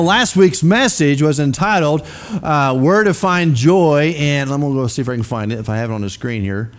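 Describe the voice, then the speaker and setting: A man preaching a sermon in a casual, conversational way, often putting questions to the congregation. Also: on the high side. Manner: many fillers and restarts. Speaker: pastor.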